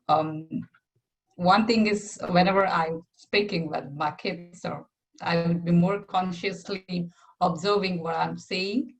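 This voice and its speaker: A woman whose first language is not English speaks in a somewhat low voice on a casual video call. She talks softly and hesitantly, pausing with fillers as she shares her plans. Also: low-quality recording. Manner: soft-spoken, hesitant, many fillers. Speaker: community member sharing weekly plan.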